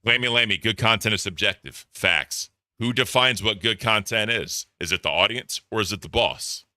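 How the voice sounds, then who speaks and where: A man's voice: lowish voice, normal speed, pushed and bright, dry recording, clean studio sound. A man doing casual reaction commentary, blunt and profane, reading donor messages aloud. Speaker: commentary streamer.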